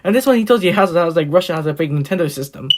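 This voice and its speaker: A hoarse man hosting a reaction video, rambling casually with many fillers and restarts. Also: fairly high pitch, lively intonation, rapid-fire, noisy background.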